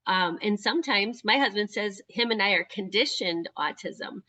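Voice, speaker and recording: A woman's voice: mid-range voice, expressive, normal speed, pushed and bright. A woman hosting a support group on a video call, asking members to share. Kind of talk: casual group discussion. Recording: dull, muffled video call audio.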